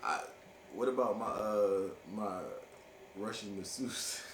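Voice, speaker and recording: A man's voice: on the low side, slow pace. A man co-hosting a casual couples podcast, joking and laughing with his partner and slipping into playful bits. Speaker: podcast co-host. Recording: echoey room with noise.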